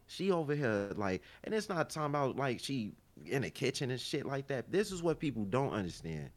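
Talking a little fast with hardly any pauses, the mid-range-voiced podcast co-host from Chicago trades animated, profane, slang-laden stories in a casual chat, his accent plain to hear.

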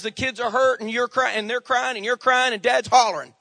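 A middle-aged male pastor preaching a sermon in an animated way, calling on the congregation for amens. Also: very high voice, fast talker, no echo.

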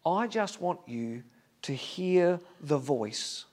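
A male pastor preaching an earnest sermon, dropping to a hush on key lines. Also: fairly high pitch, expressive, slow. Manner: standing before a congregation.

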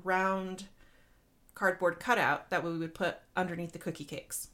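A woman's voice: fairly low pitch, measured pace. Woman, podcast co-host, casual chat, loose and tipsy. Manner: relaxed, tipsy and chatty.

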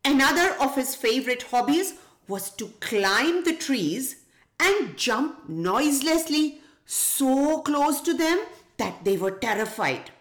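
A woman's voice: high-pitched, very animated, slow pace, roomy sound. A woman hosting a children's podcast, narrating a folktale and asking young listeners questions. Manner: gentle, asks children questions. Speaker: children's podcast host and storyteller.

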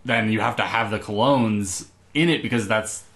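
A man's voice: fairly low pitch, moderate pace, a bit bright. A man co-hosting a wrestling podcast, chatting casually, rambling with many fillers and swearing. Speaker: podcast co-host. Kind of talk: casual chat.

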